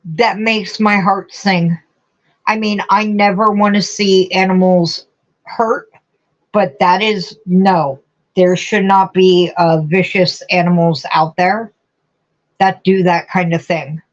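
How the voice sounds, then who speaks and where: A middle-aged woman chats slowly and fondly with her livestream viewers, calling them honey and getting emotional. Her voice sits a little low, and the stream audio is dull and lo-fi. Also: steady tone. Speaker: livestream host. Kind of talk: casual chat reading viewer comments.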